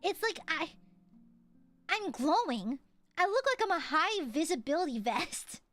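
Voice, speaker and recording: A woman's voice: very high-pitched, sing-song, measured pace, fairly bright tone, no echo, clean studio sound. A young woman streaming casually as a VTuber, playful and jokey, often breaking into laughs and squeals. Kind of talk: casual livestream chat.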